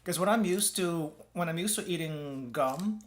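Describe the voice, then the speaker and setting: Chewing gum while he tries snacks on stream, an American VTuber chats casually, rambles, and keeps restarting and self-correcting his phrases. His pitch is fairly high and his speed normal.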